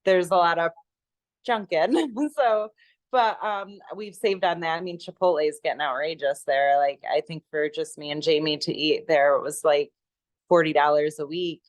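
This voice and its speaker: A woman's voice: low voice, moderate pace, dry recording. A woman chatting on a video call, enthusiastic and rambling with many fillers. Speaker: guest sharing her product story. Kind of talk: casual chat on a video call.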